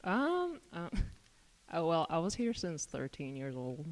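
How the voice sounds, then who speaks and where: A man's voice: a little high, huge pitch swings, slow. A young man with a Southern US accent, a student, answering in class in an easygoing way with fillers and laughs. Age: young adult. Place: large lecture hall. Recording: long echo of a lecture hall.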